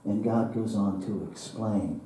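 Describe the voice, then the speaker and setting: A man preaches a sermon at an unhurried pace, telling a parable with chuckles and sudden quiet moments. His voice is dark and mellow. It echoes strongly around a large hall and sounds set back from the mic. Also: on the low side, slight background noise. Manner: slow, dramatic parable telling with laughs and hushed drops. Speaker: minister. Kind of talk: sermon storytelling. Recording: roomy church hall, from far off.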